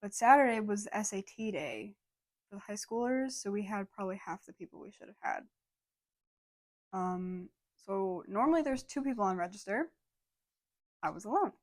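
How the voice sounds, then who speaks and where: A young woman co-hosting a podcast, telling a story in a casual, animated way and saying "like" often. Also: medium pitch, moderate pace, pauses often. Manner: animated storytelling, heavy use of "like". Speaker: podcast co-host.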